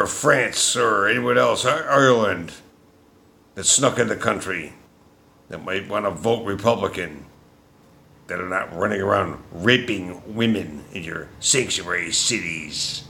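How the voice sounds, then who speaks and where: A man delivering an angry, profane political rant as a vlogger, shouting at times. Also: on the low side, a little slow, gravelly.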